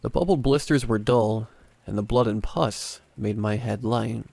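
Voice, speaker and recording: A man narrating a first-person horror story in a measured, dramatic way. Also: on the low side, gravelly, darkish tone, no room sound.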